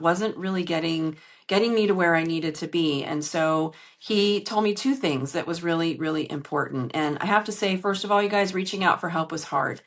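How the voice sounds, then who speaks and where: Gravelly-voiced woman coach, candid and emotional. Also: on the low side, a bit bright. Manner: earnest, emotional, speaks straight to listeners. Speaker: podcast host and business coach. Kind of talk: candid solo podcast monologue. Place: hotel room. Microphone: phone.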